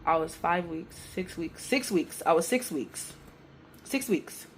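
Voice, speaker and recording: A woman's voice: on the low side, a little slow, a little hiss or hum. Emotional woman telling a storytime vlog. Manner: emotional, animated retelling with slang. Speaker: vlogger. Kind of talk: casual storytime.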